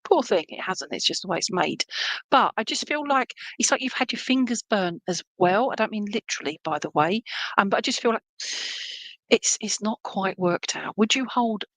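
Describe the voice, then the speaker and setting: A woman's voice: mid-range voice, animated, moderate pace, fairly bright tone, no echo, low-quality recording. A woman giving live psychic readings to viewers, chatty and meandering, full of fillers and checks like "okay?". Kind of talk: live-stream reading, casual chat to viewers.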